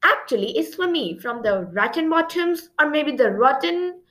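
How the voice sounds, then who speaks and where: A fretful young mouse writer, voiced by a woman reading aloud stumbles over his words. The voice sits high and thin, storybook-style. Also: animated, normal speed, a bit bright. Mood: flustered. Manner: stammering, flustered. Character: nervous young male mouse author.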